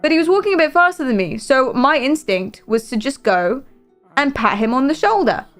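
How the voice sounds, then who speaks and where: British woman streamer, higher voice, rambling giggly chat. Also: sing-song, normal speed, fairly bright tone, soft background music. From Britain. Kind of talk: casual live-stream chat.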